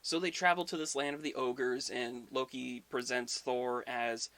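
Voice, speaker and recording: A man's voice: mid-range voice, steady tone, measured pace, a bit bright. A man hosting a history video, retelling myths casually with irreverent, profane asides.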